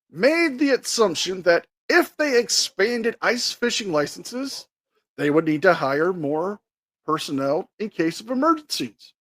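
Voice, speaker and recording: A man from Ohio, raised in Florida, tells stories on a casual podcast. He speaks slowly in a high voice with a lot of pitch movement, and the sound is dry and close. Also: dry recording. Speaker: podcast co-host.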